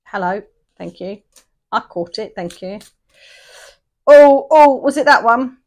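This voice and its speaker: A woman's voice: a little high, animated, slow pace, darkish tone. A woman giving a casual tarot reading, chatty and rambling, often checking in with "yeah?". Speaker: tarot reader.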